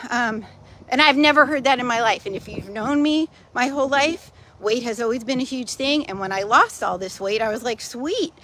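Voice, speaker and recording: A woman's voice: medium pitch, a bit bright, slight background noise. A woman recording a casual personal video update, telling her story in a chatty, matter-of-fact way with wry humor. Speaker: vlogger sharing personal news.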